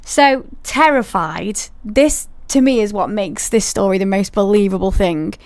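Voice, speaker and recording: A woman's voice: medium pitch, measured pace, a little mellow. A woman hosting a podcast, telling a paranormal story in a chatty way and talking straight to her listeners with asides. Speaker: podcast host.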